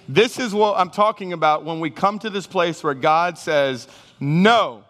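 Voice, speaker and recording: A man preaching a sermon, animated, acting out Bible figures and his listeners in raised voices. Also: on the high side, a little slow. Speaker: pastor. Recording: reverberant hall sound.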